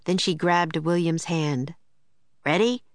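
Low-voiced woman reading a storybook aloud. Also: measured pace, no echo. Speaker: audiobook narrator. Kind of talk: scripted narration.

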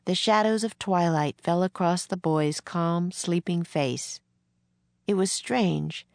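A woman reading a children's book aloud in a gentle, measured way. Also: lowish voice, vocal fry, dry recording. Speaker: narrator.

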